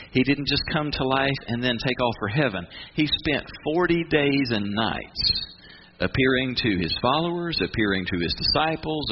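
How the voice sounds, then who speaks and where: A man preaching a sermon in an emphatic voice, breaking off and restarting as he drives his points home. The recording is a bit dull and muffled, with noise hissing clearly behind him. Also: medium pitch. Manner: emphatic, with many restarts and dramatic pauses. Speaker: pastor. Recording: muffled with noticeable background noise.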